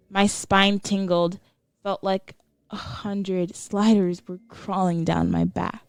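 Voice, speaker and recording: A woman giving a slow, emotional and dramatic reading of a scripted horror story. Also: mid-range voice, fairly even intonation, no echo. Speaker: narrator.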